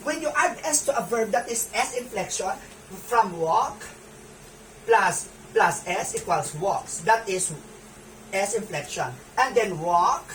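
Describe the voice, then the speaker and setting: A woman's voice: mid-range voice, far from the mic, slight background noise, rough recording. A woman with a Filipino accent teaching a grammar lesson. She repeats key points, spells out letters and keeps checking in with "okay?".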